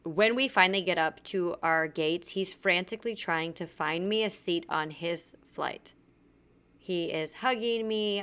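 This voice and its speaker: Blunt woman, low voice, bright and clear. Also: unhurried. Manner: blunt, swears freely, acts out others' lines. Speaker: podcast host. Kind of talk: candid personal storytelling.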